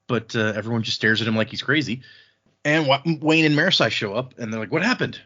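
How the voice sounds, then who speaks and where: A man's voice: mid-range voice, quick pace, sharp tone. A man hosting a podcast, casually recapping book chapters, laughing often and slipping into voices for quotes. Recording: dull lo-fi sound.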